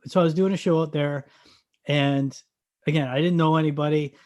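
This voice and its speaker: High-voiced man telling stories. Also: brisk. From Canada. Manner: animated, loud acted-out storytelling. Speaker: actor guest. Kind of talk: casual podcast storytelling.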